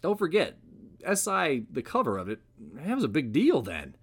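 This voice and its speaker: A man's voice: on the high side, huge pitch swings, moderate pace, breathy edge. Wry man hosting a history podcast. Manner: conversational, wry asides. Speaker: podcast host. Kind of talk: casual history podcast narration.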